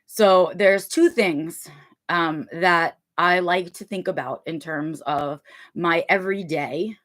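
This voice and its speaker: A woman with a low-set voice hosts a relaxed livestream from her home. She talks in a loose, rambling way and keeps checking in with her listeners as she goes. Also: slow. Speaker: livestream host. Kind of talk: casual livestream talk.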